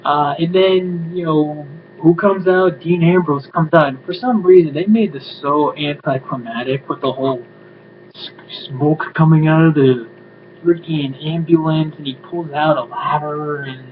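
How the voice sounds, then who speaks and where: Man reviewer, casual profane rant, slightly high voice, tinny noisy phone-like sound. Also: steady tone, unhurried. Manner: ranting, profane, exasperated asides. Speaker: show reviewer. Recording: tinny phone-like audio with noise.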